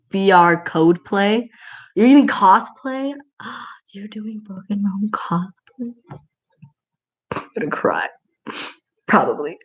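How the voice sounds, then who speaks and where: A woman's voice: medium pitch, muffled recording. A woman chatting casually on a livestream and reading out comments, rambling and giggling with lots of filler words.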